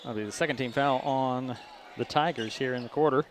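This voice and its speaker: A man giving brisk, chatty play-by-play of a high school basketball game, rising at big plays. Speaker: play-by-play announcer. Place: school gym. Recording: gym noise behind broadcast mic.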